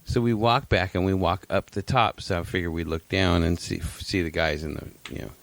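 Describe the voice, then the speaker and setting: A man's voice: low-pitched, fairly even intonation, fairly quick, fairly bright tone, dry recording. A man co-hosting a podcast, telling a long, rambling story in casual chat, swearing freely and laughing often. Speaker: podcast co-host.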